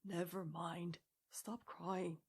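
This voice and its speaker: A woman voicing a stern, wise old male badger who speaks severely and quietly. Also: fairly low pitch, little pitch movement, creaky, slightly rough, exaggerated voice. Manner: severe, measured, hushed.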